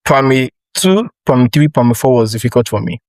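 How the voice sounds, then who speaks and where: A young man with a Nigerian accent hosting a podcast, asking rambling, animated questions with frequent restarts. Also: mid-range voice, fast talker, no room sound, low-quality recording. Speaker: podcast host. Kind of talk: casual interview chat.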